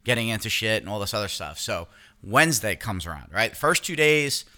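A man's voice: on the low side, sing-song, a little fast, bright, forceful tone. A middle-aged man telling a long story in casual podcast chat, rambling and swearing, often restarting his sentences. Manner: rambling, profane, self-interrupting. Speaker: podcast co-host.

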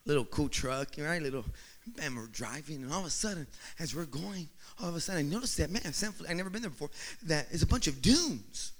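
A man telling a humorous personal story to an audience, acting out the scenes and building up to shouts. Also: on the high side, brisk. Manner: animated, acts out scenes, rising to shouts.

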